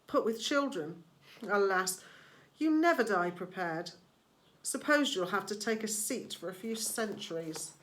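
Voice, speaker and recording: A woman voicing a smooth, coldly menacing male ferryman of the dead with a British accent. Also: mid-range voice, expressive, measured pace, fairly bright tone. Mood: silky menace. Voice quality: silky, sweetly menacing.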